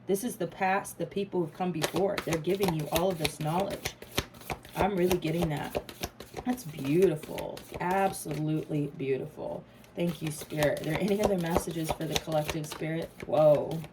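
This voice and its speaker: Her voice is low-pitched with fairly even intonation and normal speed, set against a noisy background. This woman gives a casual tarot reading to camera, speaking emphatically, cursing freely, laughing, and becoming emotional.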